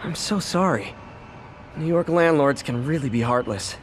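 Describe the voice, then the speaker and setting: An upbeat, chatty young hero, voiced by a man with a fairly high voice. City traffic noise hums clearly behind his game dialogue. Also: expressive, moderate pace, lightly acted. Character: young male hero, friendly and earnest.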